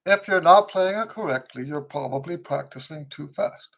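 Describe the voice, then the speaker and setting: A man teaching trumpet on a live-stream Q&A, tired and weak with a fading voice, speaking slowly and repeating his key points for emphasis. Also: a little high, gravelly, a bit bright.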